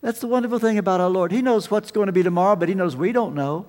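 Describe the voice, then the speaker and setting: High-voiced preacher in a reverberant hall. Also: male voice, quick pace. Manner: animated storytelling, swings between loud emphasis and quiet asides. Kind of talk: sermon. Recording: long reverb of a large hall.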